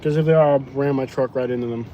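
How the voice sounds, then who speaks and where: A man's voice: medium pitch, steady tone, fast talker, mellow. A man, a delivery driver, chatting and telling rambling jokey stories while he drives. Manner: joking, rambling storyteller. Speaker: food delivery driver and live streamer. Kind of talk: casual chat while driving. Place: inside a vehicle on the road. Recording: noisy car interior.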